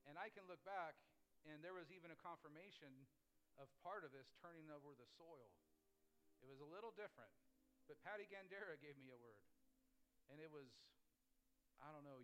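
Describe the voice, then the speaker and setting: A man's voice: a little high, brisk, fairly bright tone, rough recording. A man preaching a sermon as a pastor, telling stories in a conversational way with frequent restarts.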